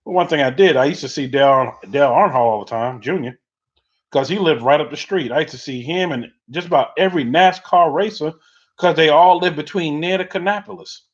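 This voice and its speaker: A man's voice: fairly high pitch, brisk. A middle-aged man hosting a livestream, telling loose, rambling stories in casual chat while answering viewer comments. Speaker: livestream host. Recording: dull lo-fi audio.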